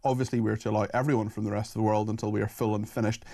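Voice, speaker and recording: Northern Irish male phone-in host, low-ish voice, earnest and apologetic. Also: little pitch movement, racing, gravelly, mellow. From Northern Ireland. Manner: earnest, apologetic, reads listener messages aloud. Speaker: radio talk show host. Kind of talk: phone-in talk radio.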